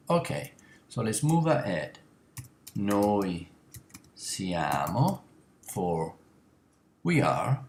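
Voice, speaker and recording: A man teaching an elementary language lesson on a screencast, explaining patiently and slowly with frequent uh and um. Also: on the low side, big pitch swings, darkish tone, roomy sound, slight background noise. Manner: slow, patient explaining with many uh and um.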